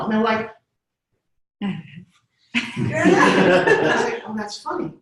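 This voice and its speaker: A middle-aged woman telling stories in an animated way, often acting out voices. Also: high voice, normal speed, pauses often. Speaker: speaker. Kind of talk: storytelling talk. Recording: echoey room, far from mic.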